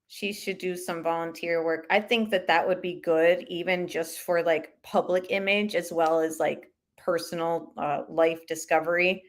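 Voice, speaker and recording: A woman hosts a live commentary stream in a relaxed, chatty way. She gives her opinions freely and reacts to viewer comments, reading them aloud as they come in. Her voice sits at an ordinary middle pitch. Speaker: commentary channel host.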